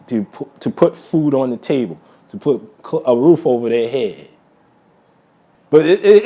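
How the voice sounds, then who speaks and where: A man's voice: sits high, mellow. A man ranting heatedly in a monologue to his viewers, repeating himself and tacking "man" onto most sentences. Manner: heated, repetitive, addresses listeners as brothers, says man constantly. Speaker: vlogger.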